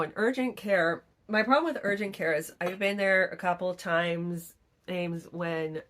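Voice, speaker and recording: Chatty woman vlogger, lower voice. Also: fairly bright tone. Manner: chatty storytelling, acts out quoted people. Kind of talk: casual chat.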